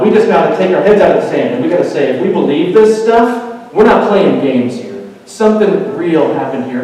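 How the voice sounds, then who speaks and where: A man delivers a sermon in a large, reverberant hall, heard from a little distance. His voice sits a touch high for a man. He climbs to intense, rapid peaks, then falls to hushed, quiet stresses. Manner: swings from intense building climaxes to hushed quiet emphasis. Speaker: pastor.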